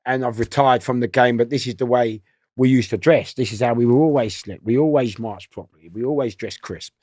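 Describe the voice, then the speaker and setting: A man with a London accent, a podcast guest telling stories in an animated way and acting out the voices of the people in them. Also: medium pitch, a little fast, dry recording, studio quality. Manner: animated storyteller who acts out voices and laughs often. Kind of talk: storytelling in a podcast interview.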